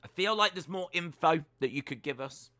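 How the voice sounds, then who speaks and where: A British man hosting a live stream, reading viewer comments aloud and answering them with teasing, deadpan jokes. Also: a little high, normal speed, dry recording. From United Kingdom. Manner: jokey, teasing, deadpan banter.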